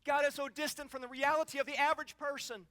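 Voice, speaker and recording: A middle-aged man with an extremely high-pitched voice preaches an impassioned sermon at a conference hall, speaking quickly with no room sound. He tells stories with animation and acts out the cries in them.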